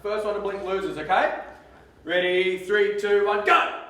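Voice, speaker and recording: A young adult man with an Australian accent, talking to students in a school theatre in a lively, joking way. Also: sits high. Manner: lively, joking, drawn-out emphasis. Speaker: speaker at a school assembly. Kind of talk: live talk to students. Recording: echoey theatre, mic far off.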